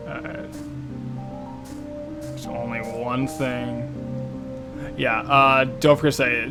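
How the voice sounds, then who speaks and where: A man's voice: medium pitch, little pitch movement, a little slow, long pauses, music in the background. A man casually commenting on a video game playthrough, playful and self-mocking. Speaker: game critic doing a playthrough. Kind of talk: casual let's-play commentary.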